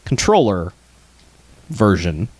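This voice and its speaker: Male co-host, casual and profane podcast storyteller, lively intonation, dry close sound. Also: on the low side, a little slow, husky, no echo. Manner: animated, swearing, laughing storyteller. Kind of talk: casual chat.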